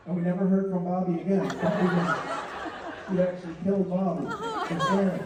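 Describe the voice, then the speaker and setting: A man's voice: fast talker, far from the mic, slight background noise. Man telling a story in a big echoey hall. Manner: animated storyteller, jumps into high voices for quoted lines. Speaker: convention panel guest. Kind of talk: casual storytelling on stage. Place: large convention hall, recorded from the audience. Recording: echoey hall audience recording from afar.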